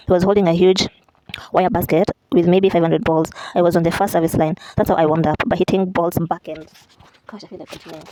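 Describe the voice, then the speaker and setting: A woman's voice: lowish voice, warm tone, a little hiss or hum, low-quality recording. A woman reading a memoir aloud in a casual way, correcting herself now and then and adding chatty asides.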